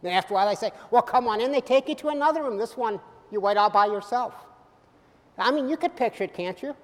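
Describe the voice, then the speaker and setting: Man preaching, high-pitched, lively, joking asides, loud then soft, long hall echo. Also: fast. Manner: animated, with sudden loud bursts and soft drops; humorous asides. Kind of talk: sermon. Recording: hall reverb.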